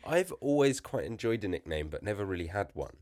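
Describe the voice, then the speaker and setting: A man's voice: on the low side, very animated, a little fast, darkish tone, no echo, clean studio sound. A young adult man co-hosting a podcast in casual chat, joking and laughing often. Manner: playful, jokey, laughs often. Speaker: podcast co-host.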